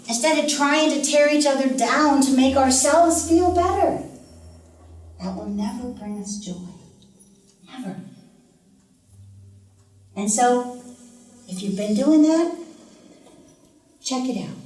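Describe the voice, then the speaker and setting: A woman's voice: high voice, darkish tone, slight background noise. Earnest woman speaking in a very echoey hall. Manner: storytelling, earnest, preacher-like. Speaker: youth speaker. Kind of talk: inspirational talk. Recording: very echoey hall, distant mic.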